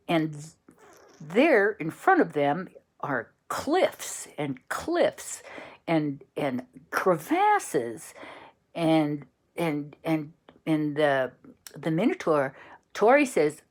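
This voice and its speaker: A woman telling an improvised bedtime story, slow and searching for words as she goes. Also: sits low, big pitch swings.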